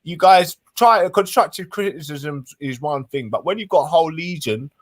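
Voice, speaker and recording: A man's voice: fairly high pitch, lively intonation, moderate pace, no echo. A young man, teasing and chatty as he co-hosts a casual livestream. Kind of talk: casual online chat.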